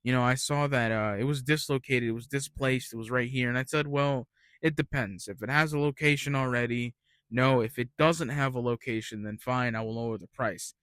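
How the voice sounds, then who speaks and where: A man's voice: medium pitch, fairly even intonation, fairly quick, fairly bright tone, clear, resonant tone, no room sound. A young man telling retail work stories in a rambling, ranting casual monologue, swearing freely.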